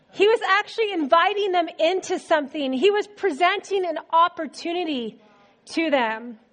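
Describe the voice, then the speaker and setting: A woman preacher giving a sermon in a conversational, animated storytelling manner. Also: sits high.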